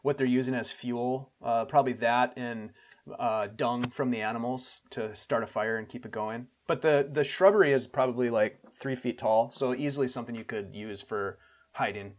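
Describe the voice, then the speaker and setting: A man of middle pitch running a tabletop game, describing scenes in a relaxed, loose way full of "uh" and "you know". He sounds like a game master chatting at the table. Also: moderate pace.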